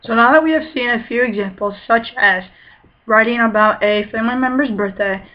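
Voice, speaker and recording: A woman's voice: fairly high pitch, a little fast. Young woman teaching a class, dull recording. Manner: clear, teacherly. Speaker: student teacher. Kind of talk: picture-book read-aloud and lesson.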